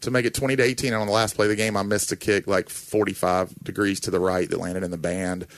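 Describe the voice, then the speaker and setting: A man's voice: lowish voice, quick pace, dry recording. A man in casual chat, a former college kicker telling stories with jokes and acted-out quotes. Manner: animated storyteller, joking, acts out quotes.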